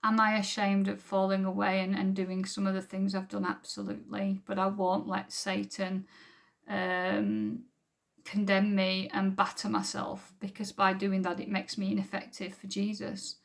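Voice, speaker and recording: A woman's voice: medium pitch, completely flat delivery, moderate pace, gravelly. A woman giving an unrehearsed personal church testimony to camera, earnest and rambling, with frequent ums. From England. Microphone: camera recording at home.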